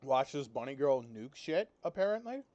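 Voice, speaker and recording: A man's voice: high-pitched, expressive, moderate pace, dull audio. Man streamer fussing at his cat. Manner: swearing, scolds his cat in a baby-talk tone. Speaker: game streamer. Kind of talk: casual live-stream chat.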